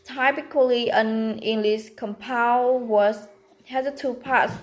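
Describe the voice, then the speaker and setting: Slow-reading woman giving a class presentation. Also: a little high, fairly even intonation, poor audio. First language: Vietnamese. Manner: slow, careful, halting reading with pauses between words. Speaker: student presenter.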